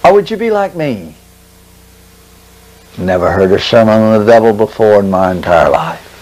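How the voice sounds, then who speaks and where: A man giving a testimony sermon, preaching dramatically with long pauses and slow, stressed phrases. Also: fairly low pitch, sing-song, darkish tone, poor audio.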